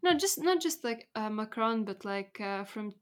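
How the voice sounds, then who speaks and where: Young woman, a bit high voice, laughs thru her sentences while she explains stuff, casual chat. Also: expressive, normal speed. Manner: laughs through her words, explains things thoughtfully.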